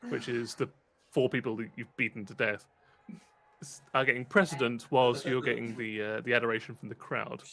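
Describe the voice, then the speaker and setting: Bright-voiced British game master, rambling. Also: male voice, medium pitch, steady tone, a little fast, gravelly. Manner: rambling, lots of fillers and restarts. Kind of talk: narrating a tabletop game.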